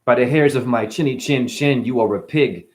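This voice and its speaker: A man's voice: moderate pace, darkish tone. Man rhyming in rambling spoken-word bursts. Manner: stream-of-consciousness wordplay, swings between murmurs and sudden high bursts. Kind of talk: freestyle spoken-word rhymes.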